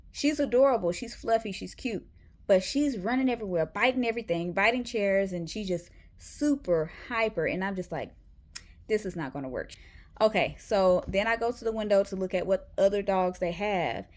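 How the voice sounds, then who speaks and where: A woman vlogger sharing a casual faith testimony, telling her story with animation and acting out the things people said. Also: medium pitch. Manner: animated storytelling, acts out quotes.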